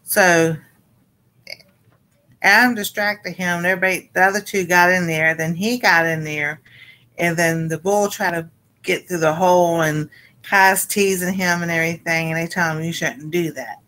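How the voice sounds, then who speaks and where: A woman casually recapping a cartoon episode for a panel show, rambling and halting with many fillers. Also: on the low side, steady tone, pushed and bright, rough recording.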